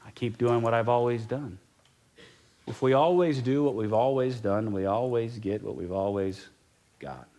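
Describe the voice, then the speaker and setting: A middle-aged pastor preaching a sermon in a conversational way, repeating key phrases for emphasis and sometimes dropping to a near whisper. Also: male voice, mid-range voice, lively intonation, moderate pace, mellow.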